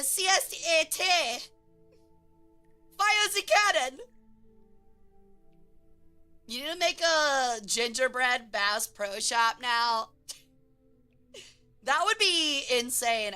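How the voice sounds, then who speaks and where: High bright young woman streamer, animated and crude, faint music under her. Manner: animated, swearing, laughing, breaking into silly shouted voices. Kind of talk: casual chat stream.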